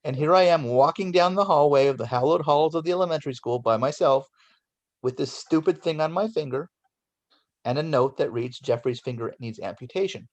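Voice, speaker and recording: In a fairly high voice and a slightly quick pace, a guest in his forties from Los Angeles animatedly narrates a childhood memory and voices the people in it. The recording sounds muffled.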